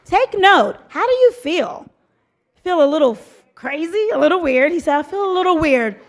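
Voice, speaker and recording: A woman's voice: very high voice, sing-song, normal speed. A woman leading an audience in a rhythmic call-and-response drum game, chanting and coaxing.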